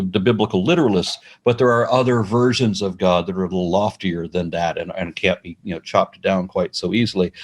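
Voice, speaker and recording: A man being interviewed, explaining at length in a measured way, with frequent restarts. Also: on the low side, slightly rough. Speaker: atheist organization representative, interview guest.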